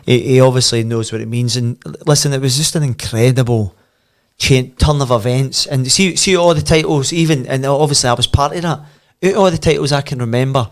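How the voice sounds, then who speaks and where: Scottish man telling lively football stories. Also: mid-range voice, fairly quick. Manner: animated anecdotes, voice swells when telling the story. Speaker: podcast guest, former footballer. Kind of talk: casual storytelling chat.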